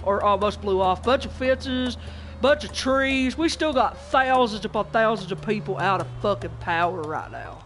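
A young man, rambling profanely and excitably while telling a story over a gameplay stream. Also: sits high. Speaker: gaming streamer. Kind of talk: casual rambling gameplay chat.

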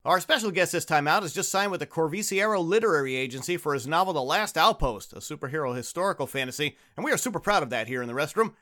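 A man hosting a comedy podcast, joking around, laughing loudly and calling out names. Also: a little high, animated, quick pace, hardly any pauses. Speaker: podcast host.

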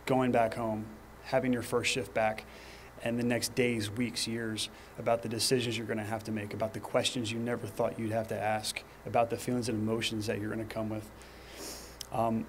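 A man in his thirties giving a fire department training talk, telling personal stories in an earnest way, with pauses and restarts. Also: medium pitch, slight background noise. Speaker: fire department lieutenant presenter. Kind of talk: training presentation.

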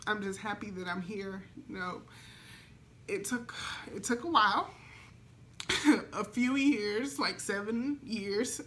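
A young adult woman chatting in a vlog as a flight attendant, excited and emotional, with lots of fillers. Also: medium pitch, slight background noise. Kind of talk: casual vlog chat.

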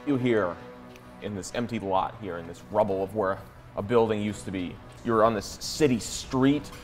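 A man's voice: on the low side, moderate pace, music in the background. A young man narrating a tabletop game as game master, describing scenes with dramatic flair and frequent restarts.

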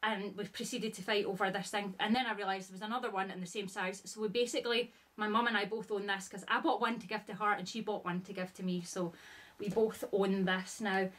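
A woman's voice: mid-range voice, fairly even intonation, brisk, a bit bright. Gushing chatty woman. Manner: gushing, chatty, heavy use of filler "like". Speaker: vlogger. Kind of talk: casual chat.

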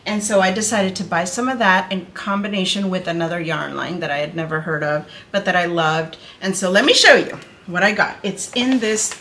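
A woman's voice: fairly low pitch, brisk, a bit bright, a little hiss or hum. A woman in her thirties chatting casually to her viewers as a knitting vlogger, gushing and bubbly, calling them "you guys".

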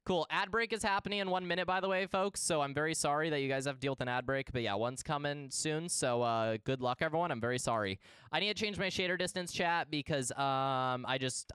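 A man's voice: on the high side, quick pace, fairly bright tone, clean tone, no echo, studio quality. A young man streaming a game live, chatting casually and playfully with his viewers and greeting them in bursts.

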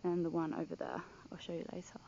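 A young woman chatting excitedly in a casual travel vlog outdoors at a villa, gushing and full of "like". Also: on the low side, fast, vocal fry, lo-fi sound, a little hiss or hum. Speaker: vlogger.

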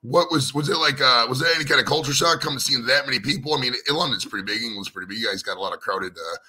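A man's voice: medium pitch, racing, sharp tone, slightly rough. A man hosting a casual interview, asking loose, rambling questions full of fillers. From United States. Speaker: podcast host.

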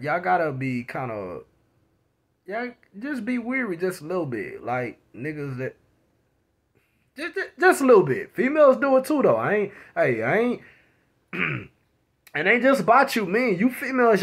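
Animated young man ranting to camera. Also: high-pitched, slightly rough. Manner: animated, repetitive, slangy storytelling with quoted voices. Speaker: vlogger. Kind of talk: casual rant to camera.

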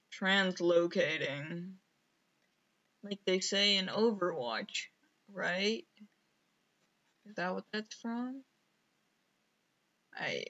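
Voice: mid-range voice, sharp tone, muffled recording. A streamer rambling casually over gameplay, mumbling to themself and poking fun at themself, on a headset mic. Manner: self-mocking.

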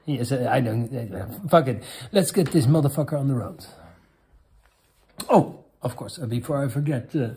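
A man with a Dutch accent, a native Dutch speaker, hosting a comedy vlog and reading out viewer questions in a crude, rambling, halting way. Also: mid-range voice, dark tone. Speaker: host.

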